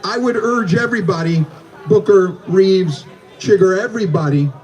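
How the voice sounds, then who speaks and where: A man emceeing a live eating contest, with theatrical, hyped commentary and countdowns that he shouts out. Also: high-pitched, moderate pace. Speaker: contest announcer. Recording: distant outdoor PA with crowd and music.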